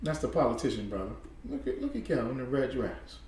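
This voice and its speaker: A man's voice: medium pitch, wildly swooping pitch, brisk, darkish tone, echoey room, slight background noise. A man giving heated, casual commentary. He repeats himself and talks straight to his listeners.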